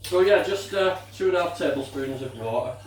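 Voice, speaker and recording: A man's voice: a little high, expressive, fairly quick, noisy background. An older man, chatting casually through a cooking demonstration, muttering and swearing mildly as he works. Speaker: home cook. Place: home kitchen. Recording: echoey kitchen. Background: clinking dishes and utensils.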